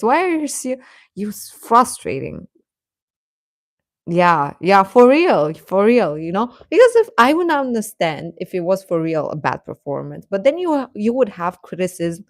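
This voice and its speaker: A woman casually chatting on a live stream about K-pop, outspoken and animated, laughing between thoughts, swearing now and then, and answering viewers' comments. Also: mid-range voice, no room sound, studio quality.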